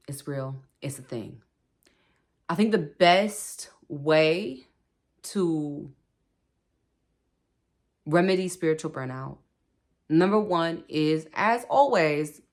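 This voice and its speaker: Woman host, low voice, relaxed chatty spiritual pep talk to her viewers. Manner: chatty, laughs often, repeats "okay", speaks to viewers directly. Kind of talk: casual spoken advice.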